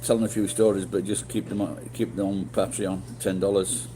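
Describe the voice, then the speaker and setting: A man's voice: sits low, level tone, moderate pace, noisy background. A middle-aged man telling rambling stories to his stream chat, swearing often and restarting his sentences. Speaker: livestreamer. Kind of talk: casual storytelling to chat.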